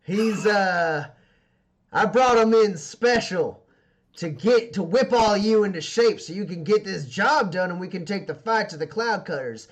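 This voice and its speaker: A man's voice: low voice, expressive, unhurried, voice pushed down. A man voicing a tough, commanding female gang boss who barks orders and threatens. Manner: bossy, loud, threatening.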